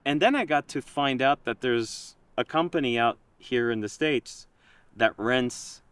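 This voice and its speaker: A man in casual conversation, telling a story in an animated way and quoting himself and others. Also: mid-range voice, measured pace, clear, resonant tone, dry recording. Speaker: project creator.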